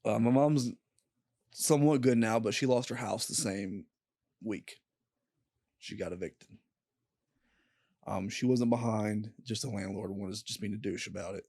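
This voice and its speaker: A young man, a podcast guest, telling a painful personal story in a candid, halting way and swearing freely. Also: on the low side, darkish tone, dry recording, clean studio sound. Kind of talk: casual storytelling.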